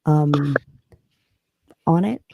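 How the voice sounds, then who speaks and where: A co-host of a reaction show chatting casually, speaking softly to keep the voice down. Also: mid-range voice, drawn-out words, vocal fry, lo-fi sound. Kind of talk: casual chat.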